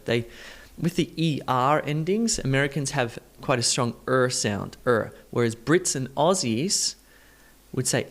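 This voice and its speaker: A man teaching an English pronunciation lesson, explaining directly to learners and repeating words slowly to model syllable stress. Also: fairly high pitch, expressive, fairly bright tone.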